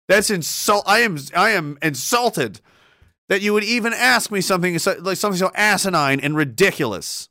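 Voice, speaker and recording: Guy ranting sarcastic and sweary, high lively voice, bright, dry sound. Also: moderate pace, no echo. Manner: sarcastic, profane, exasperated, laughs a lot. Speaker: commentator. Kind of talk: ranting comedic commentary.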